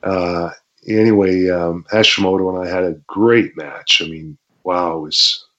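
Low-voiced man telling lively ring stories. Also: a little slow. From Canada. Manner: animated, acts out shouts and sound effects, laughs often. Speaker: interview guest, former pro wrestler. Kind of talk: casual storytelling interview. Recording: dull lo-fi audio.

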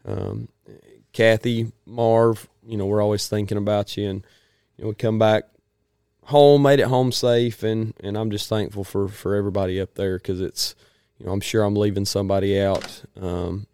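Folksy man with a smooth, low voice. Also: little pitch movement, normal speed, darkish tone, no echo, clean studio sound. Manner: folksy, rambling, frequent throat clearing. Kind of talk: casual chat.

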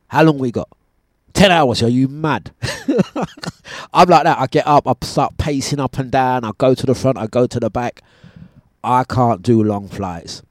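A man's voice: medium pitch, a little fast, no echo, studio quality. Chatty man hosting breakfast radio. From United Kingdom. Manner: chatty, animated storytelling with laughs. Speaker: radio breakfast show host. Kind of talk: casual on-air chat. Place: radio studio.

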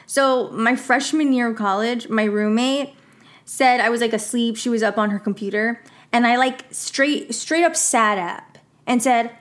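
A young woman in her twenties hosts a casual solo podcast, her voice sitting slightly high. She rambles through stories with frequent laughs and acts out the people she quotes. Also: a little slow. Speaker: podcast host.

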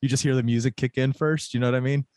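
A man's voice: mid-range voice, fairly even intonation, racing, darkish tone, no echo. Rambling male podcast host, dry sound. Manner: loose, rambling, with fillers and restarts. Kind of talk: casual wrestling podcast chat.

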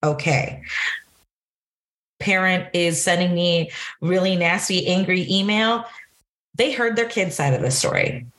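A woman's voice: lowish voice, unhurried, pauses often. A young woman in her twenties from Southern California, a band director telling stories in a casual interview, laughing often. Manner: laughs often, animated storytelling with acted quotes.

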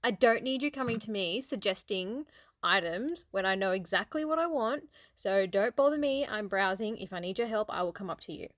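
A woman's voice: medium pitch, fairly quick, dry recording, clean studio sound. A young Australian woman chatting casually on a podcast, laughing often as she tells stories. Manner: laughs often, animated storytelling. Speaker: podcast co-host. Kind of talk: casual chat.

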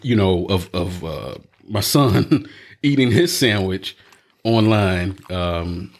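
A man's voice: low voice, animated, slow. A man hosting a podcast in casual chat, rambling with many fillers and laughing often. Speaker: podcast host.

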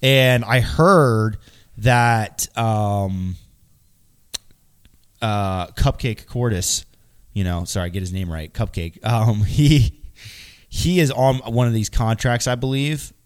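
A man's voice: lowish voice, slow, smooth. A man co-hosting a podcast in casual chat while under the weather and coughing. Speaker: podcast co-host.

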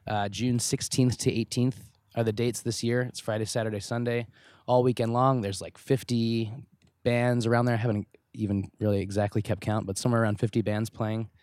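On a rooftop high above a city, a man who plays music and organizes festivals chats casually as a podcast guest, upbeat, easygoing and quick to laugh. His mid-range voice is a little mellow and a little fast, with flat delivery. The studio-clean recording carries no room sound.

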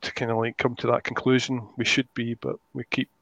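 A man's voice: mid-range voice, flat delivery, a little fast, vocal fry, a bit bright, muffled recording. A man who is a guest creator, talking in a rambling, casual way on a podcast and often searching for his words.

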